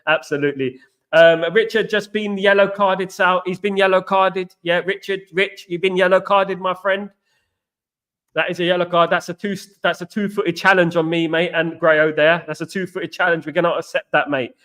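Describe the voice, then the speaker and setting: Answering comments on his football live stream, this host greets viewers by name and falls back on familiar stock phrases. He has a high, bright voice with a steady tone and speaks at a normal pace.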